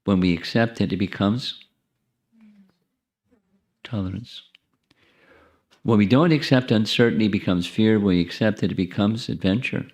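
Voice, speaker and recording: A deep-voiced man lecturing on spiritual teachings, talking in a loose, conversational way. He often restarts his phrases and turns to the audience with friendly asides. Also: normal speed, long pauses, a little mellow. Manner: repeats and restarts phrases while thinking. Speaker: monk giving a spiritual talk.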